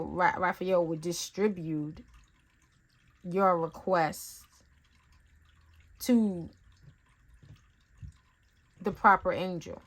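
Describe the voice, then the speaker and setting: A woman talking casually as a tarot reader, rambling and conversational with lots of fillers, telling stories in an animated way. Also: on the low side. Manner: animated storytelling with acted-out asides. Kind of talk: casual spiritual reading talk.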